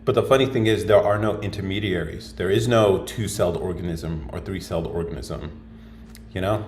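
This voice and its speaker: A man's voice: deep voice, steady tone, brisk, a little mellow. A man hosting a casual livestream, rambling and thinking aloud as he answers viewer comments. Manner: rambling, musing, thinks aloud with many fillers. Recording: roomy echo.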